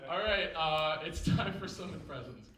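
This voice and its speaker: A man performing a stand-up set, introducing his bits in a deadpan tone on a comedy stage. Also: fairly high pitch, moderate pace, a crowd in the background. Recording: echoey stage mic.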